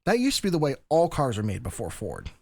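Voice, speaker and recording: A man's voice: medium pitch, wildly swooping pitch, fast, vocal fry, darkish tone, no echo. A man hosting a podcast, explaining history in a casual, lecturing way with frequent restarts. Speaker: podcast host.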